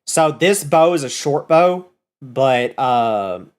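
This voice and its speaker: A man's voice: mid-range voice, animated, slow, darkish tone. Man explaining rules as dungeon master. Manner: explains at length, rereads and corrects himself.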